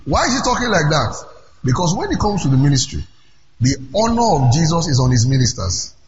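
Middle-aged Nigerian pastor, high lively preaching voice with shouted whoops, dull, noisy hall sound. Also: male voice, a little fast. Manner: animated, breaks into shouts and whoops. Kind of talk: conference sermon.

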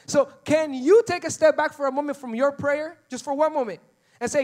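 A man preaching a sermon, animated, acting out little dialogues with God and repeating phrases for emphasis. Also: extremely high pitch, a little fast. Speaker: pastor.

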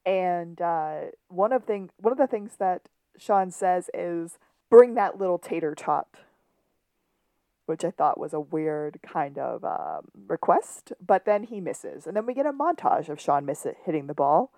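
A woman's voice: on the low side, expressive, a little mellow, no room sound. Chatty woman podcast host, dry close sound. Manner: chatty, retells scenes with quick quoted lines. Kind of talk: casual episode recap chat.

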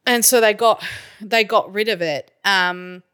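A woman co-hosting a podcast in casual chat, talkative and quick to laugh. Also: mid-range voice, fairly bright tone, clear, resonant tone. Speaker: podcast co-host.

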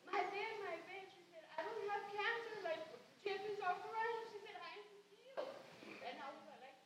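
A woman from the congregation sharing an emotional testimony, halting and filling with "like". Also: very high voice, a crowd in the background. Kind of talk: spoken testimony. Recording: distant, echoey voice in a church.

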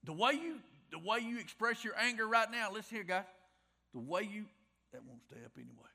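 A middle-aged pastor delivers a sermon in a folksy, conversational manner, circling back to repeat his points. His voice sits high for a man and has a bright, forceful edge. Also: very animated, brisk, gravelly.

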